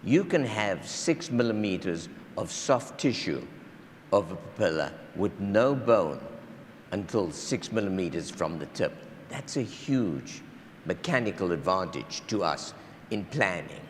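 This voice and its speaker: A man explaining a technical point in a lecture, measured and clear. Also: low voice, sing-song, slight background noise. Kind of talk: conference lecture. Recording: reverberant hall, faint ambience.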